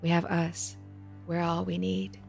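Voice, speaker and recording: Audiobook: soft-spoken young warrior man, reassuring, read by a woman. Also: on the low side, monotone, measured pace, vocal fry, faint music behind. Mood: tender. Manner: gentle, reassuring. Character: young man fighter, tender and protective.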